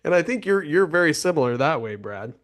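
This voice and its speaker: A man's voice: fairly high pitch, brisk. Storytelling male podcast host. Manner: storytelling, reflective, animated when telling stories. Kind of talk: podcast interview.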